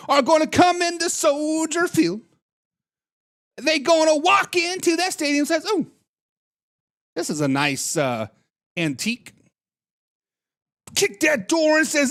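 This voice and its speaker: Animated man hosting a sports stream. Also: very high voice. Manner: animated, playful, teasing. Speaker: host reading chat comments. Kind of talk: casual live-stream sports talk.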